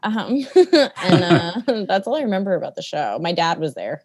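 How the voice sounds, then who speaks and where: A woman's voice: lowish voice, very animated, moderate pace, noisy background. A woman who is a comedian, a guest in a casual podcast chat, candid and self-deprecating.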